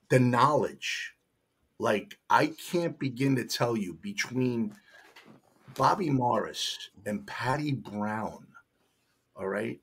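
A retired firefighter, appearing as a podcast guest, tells firehouse stories in casual, animated fashion, emphatic and full of profanity. His voice runs low and slightly rough.

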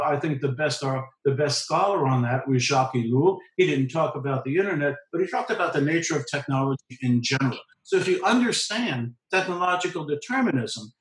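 A man's voice: on the high side, reverberant, poor audio. A man, a professor and journalist, explaining his points in an emphatic, lecturing way during a conversation. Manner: lecturing, emphatic, repeats key phrases. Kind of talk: conversational discussion.

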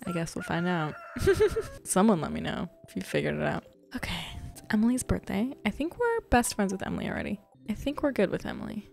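A young woman with a slightly low-pitched voice, chatting casually while she plays a farming game. She rambles from thought to thought and often talks to herself, like a gaming content creator addressing her viewers. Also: normal speed, creaky.

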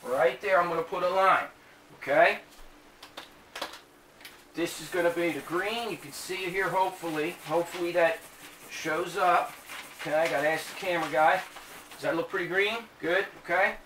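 Male math teacher, high bright voice, joking manner; echoey classroom, mic a bit far off. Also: fairly even intonation, normal speed, long pauses. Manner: chatty, tells jokes between steps. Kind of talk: classroom math lesson with jokes. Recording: echoey room, mic at a distance, faint hiss.

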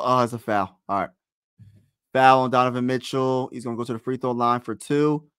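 Young guy doing fan play-by-play, excitable, pleading and groaning, dry close mic. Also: mid-range voice, moderate pace, clean tone, no echo. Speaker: live play-by-play streamer.

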